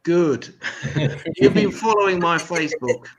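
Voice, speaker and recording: An English man hosting a stand-up comedy show, talking to the audience with sarcastic, swearing asides and deadpan jokes, on a stage mic in a live venue. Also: on the high side, unhurried, lo-fi sound.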